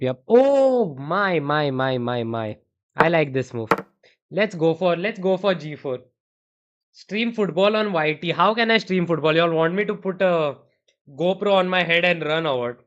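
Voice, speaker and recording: A young man with an Indian accent streams chess, thinking aloud through variations and casually answering chat. His voice is fairly high and a bit bright at a moderate pace, though the stream audio is dull and muffled.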